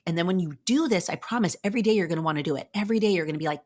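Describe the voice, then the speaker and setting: A woman's voice: fairly low pitch, racing, hardly any pauses, a little mellow. A woman hosting a podcast, talking casually and encouragingly, upbeat and chatty with playful asides. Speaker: podcast host. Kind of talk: casual motivational talk.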